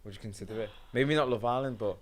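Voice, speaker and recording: A man's voice: mid-range voice, fast talker. A young man, co-hosting a casual podcast chat, rambling with lots of fillers and slang. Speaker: podcast co-host.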